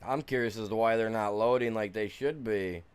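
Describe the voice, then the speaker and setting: A man's voice: lowish voice, moderate pace, smooth. A man streaming a farming game, chatting casually to viewers and grumbling and swearing at the game. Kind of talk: casual live-stream commentary.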